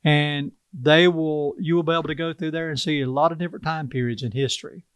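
A man's voice: fairly high pitch, fairly even intonation, a little fast, clear, resonant tone, no echo. An older man from South Carolina with a Carolina Southern accent, talking in a folksy, earnest way as an interview guest. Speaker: tribal chief, interview guest. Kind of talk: casual interview talk.

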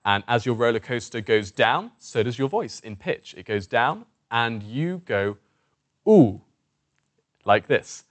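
A man coaching a voice warm-up lesson, encouraging and demonstrative as he guides participants through exercises. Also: mid-range voice, lively intonation, unhurried, few pauses. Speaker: presentation skills coach.

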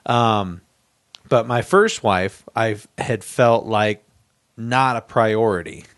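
A man's voice: fairly low pitch, animated, slow pace, a bit bright, no room sound. Dry-sounding male podcast co-host. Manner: rambling, hesitant, with fillers. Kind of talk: casual podcast chat.

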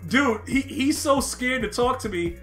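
A man streaming a football video game, laughing a lot and yelling at the plays, with slangy, excitable chatter. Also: very high voice, measured pace, soft background music. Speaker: gaming streamer. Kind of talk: live game commentary.

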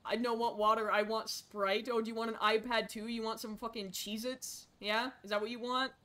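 A woman's voice: fairly high pitch, normal speed. A young woman streaming a game, chattering chaotically as a frazzled parent, muttering then shrieking. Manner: excitable, swings from mutters to sudden shrieks. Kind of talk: chaotic game commentary, role-playing a parent.

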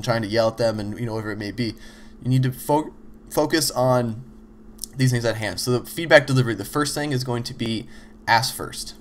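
Male host, mid-pitched, casual chatty teacher who acts out little example exchanges. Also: slight background noise. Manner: loose, conversational, frequent "you know" and "like". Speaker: host explaining teamwork. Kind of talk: casual instructional talk.

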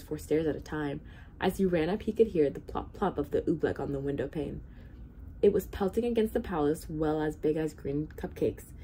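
Woman reading a kids book out loud, lowish mellow voice, faint hum behind. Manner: expressive, steady reading. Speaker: hospital volunteer reader. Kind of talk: storybook read-aloud.

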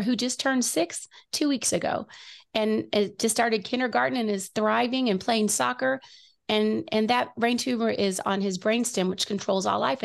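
A woman's voice: mid-range voice, gravelly. A middle-aged woman telling an earnest personal story as a guest on a faith talk show, often restarting her sentences.

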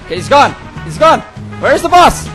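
A man commenting as he plays a video game, excitable, yelling, swearing and laughing at it, with game music behind him. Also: extremely high pitch, normal speed. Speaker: gaming video host. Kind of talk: live let's-play commentary.

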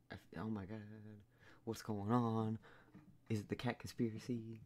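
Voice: mid-range voice, flat delivery, moderate pace, a little mellow. A gamer commentating a puzzle game, rambling, swearing, and muttering and humming to themself. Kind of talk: let's play commentary. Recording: noisy home recording with keyboard clicks.

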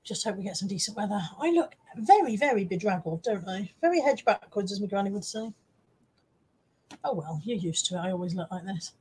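A woman's voice: mid-range voice, animated, fairly quick, darkish tone, breathy edge. A woman hosting a casual live stream, chatting to her viewers and reading out their comments, self-deprecating and swearing now and then.

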